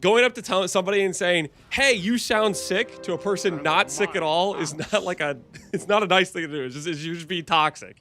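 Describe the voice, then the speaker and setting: Bright-voiced man streaming a game. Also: high voice, fast, few pauses, soft background music. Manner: casual, reads and answers chat, clears throat often. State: hoarse-sounding voice. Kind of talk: live gameplay stream chat.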